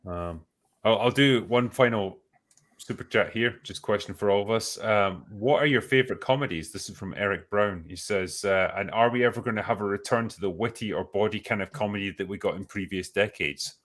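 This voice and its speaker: A man's voice: fairly low pitch, brisk, a bit bright. A Scottish man hosting a casual panel chat, talking frankly and swearing freely. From Scotland. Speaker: podcast host.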